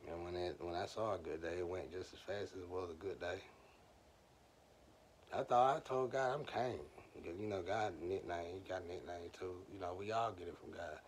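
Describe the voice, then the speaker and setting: A man's voice: deep voice, fairly even intonation, fast, hardly any pauses, a little hiss or hum. A man telling loose, slangy stories in a rambling monologue, speaking straight to his viewers.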